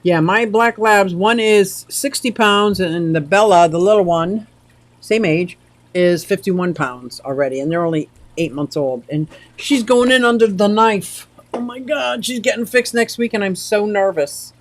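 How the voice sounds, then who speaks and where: A woman's voice: medium pitch, lively intonation, moderate pace, no room sound. Chatty woman hosting a home livestream. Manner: chatty and rambling, exclaims often. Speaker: livestream host. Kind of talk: casual livestream chat reading the chat aloud.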